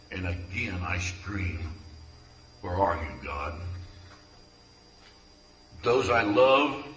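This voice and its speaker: A man's voice: sits low, bright, forceful tone, slight background noise. A man earnestly reading his own poems aloud at a community event, tender and heartfelt. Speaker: poetry reader. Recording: echoey room from far off.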